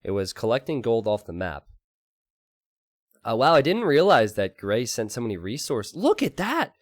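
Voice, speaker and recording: A man casting a strategy game live, excitable and quick to laugh as he talks to his viewers. His voice sits at an ordinary mid pitch. The sound is dry, with almost no room echo. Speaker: game caster and streamer.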